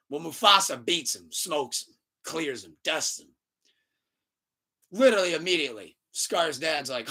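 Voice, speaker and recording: A bright, forceful male voice pitched a bit high, hosting a casual podcast. He tells stories with animated energy and profanity, and laughs often. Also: normal speed. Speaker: podcast host.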